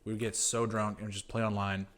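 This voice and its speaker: A man's voice: fairly low pitch, flat delivery, brisk, a bit bright. A man co-hosting a podcast in casual chat, a loose storyteller who says "dude" and "like" a lot and swears freely. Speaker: podcast co-host.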